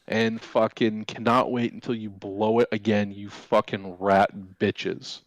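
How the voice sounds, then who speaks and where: A man's voice: on the low side, level tone, a little slow, few pauses, no echo, low-quality recording. A man co-hosting a sports podcast, furiously swearing and hurling insults. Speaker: podcast co-host. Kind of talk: casual sports podcast rant.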